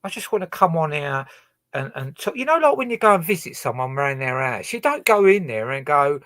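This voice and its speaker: A man's voice: fairly high pitch, sing-song, a little fast, a bit bright, no room sound. A man chatting casually on his livestream, rambling and hesitant, swearing heavily as he talks. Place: his own boat.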